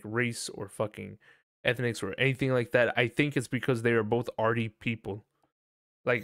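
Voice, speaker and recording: A man chatting casually on a live game stream, profane and animated, breaking into loud laughs. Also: mid-range voice, dry recording, studio quality.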